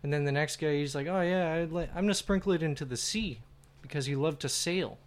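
A man's voice: a little high, a little fast. A man telling a rambling joke and stories in a casual podcast chat, laughing often. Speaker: podcast guest.

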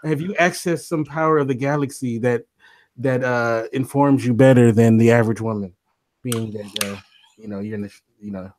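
A man hosting a casual panel chat, asking his questions haltingly with many fillers. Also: medium pitch, fairly even intonation, darkish tone. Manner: halting, full of fillers and restarts. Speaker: host.

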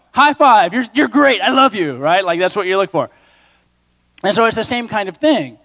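A pastor delivering a sermon in a lively, conversational way with playful voiced asides. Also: male voice, a little high. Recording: reverberant hall.

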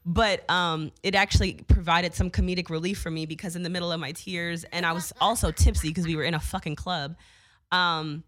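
Low-voiced young woman, casual swearing storyteller. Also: fairly quick. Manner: animated, swears freely, many fillers.

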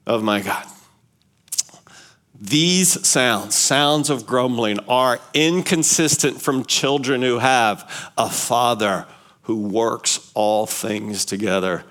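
A male pastor preaching a sermon in an animated way, asking rhetorical questions and repeating key phrases. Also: medium pitch.

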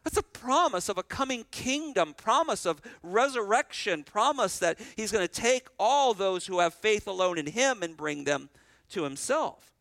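A man preaching an expository sermon as pastor, reading scripture slowly and explaining it briskly, with animated swings between loud and soft delivery. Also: high-pitched, no echo, rough recording.

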